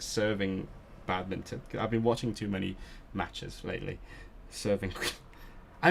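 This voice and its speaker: Man, low voice, very slow and unhurried; a language learner muttering through word drills on a casual study stream. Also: steady tone, gravelly, slight background noise. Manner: repeats words slowly, muttering to himself as he drills vocabulary; self-talk with restarts, low-key. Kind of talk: study stream, thinking aloud.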